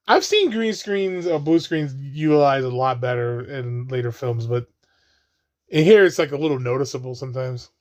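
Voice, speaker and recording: A man provides casual watch-along commentary on a movie at a moderate pace, his voice a little mellow. He laughs often, swears freely and mocks the characters in high voices.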